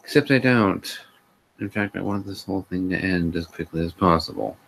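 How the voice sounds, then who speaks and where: A man's voice: low-pitched, flat delivery, brisk, gravelly, fairly bright tone, breathy edge. A man hosting a sarcastic comedic live reading, with exasperated sighs and asides. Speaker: host reading a fan fiction aloud.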